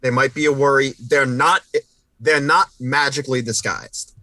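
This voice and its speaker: Bright, forceful male player, dry close sound. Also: medium pitch, fairly even intonation, no room sound. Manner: quick, joking. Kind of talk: casual tabletop play.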